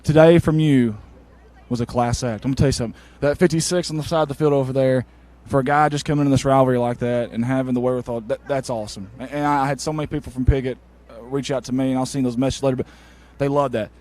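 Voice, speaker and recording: A man, reporting from the sideline of a football field after a game and interviewing people with eager, warm praise. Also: mid-range voice, fast talker. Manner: excited, warm toward players, repeats "I'm gonna tell you something".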